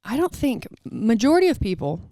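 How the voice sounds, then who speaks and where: A woman's voice: fairly high pitch, huge pitch swings, a little fast, mellow, dry recording, clean studio sound. A woman co-hosting a podcast in casual, teasing chat. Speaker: podcast co-host.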